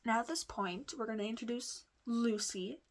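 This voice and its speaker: A woman's voice: on the high side, moderate pace. A woman vlogger telling a personal story in a casual, rambling way, full of fillers, restarts and asides. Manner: chatty, confiding.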